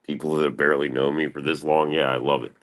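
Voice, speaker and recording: A man streaming live, rambling in a profane, casual rant and mimicking other people in higher voices. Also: level tone, fast. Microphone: streaming mic.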